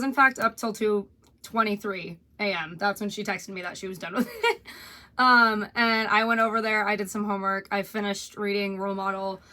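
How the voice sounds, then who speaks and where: A young woman talking casually to a phone camera in her home kitchen, chatty and excitable, often laughing. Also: medium pitch. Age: young adult. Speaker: vlogger. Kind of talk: casual vlog chat.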